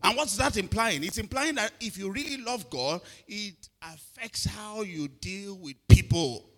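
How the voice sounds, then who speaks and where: A man's voice: high voice, unhurried. A middle-aged man preaching a sermon, often asking if listeners are following and repeating his words. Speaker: pastor.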